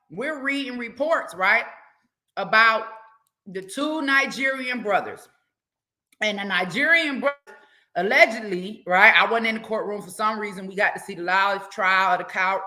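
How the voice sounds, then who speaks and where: A woman hosting a live talk show, chatting casually with her audience in an animated, exclamatory way. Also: medium pitch. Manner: animated, exclamatory, laughing asides. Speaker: show host.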